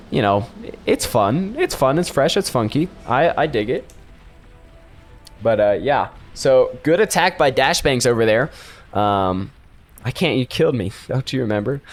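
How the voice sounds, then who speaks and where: A young man giving casual, rambling commentary on a strategy game replay, often chuckling to himself. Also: medium pitch. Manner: rambling, chuckling, self-amused. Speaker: game caster.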